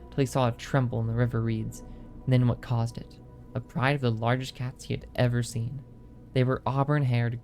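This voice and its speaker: A man's voice: mid-range voice, darkish tone. A man streaming a game and reading an in-game book aloud, with small slips, corrections and muttered asides.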